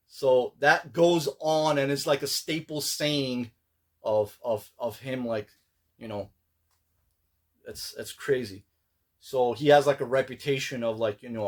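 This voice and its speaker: A man chatting casually about his collectible pickups, rambling with many fillers and restarts. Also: mid-range voice. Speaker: collector vlogger.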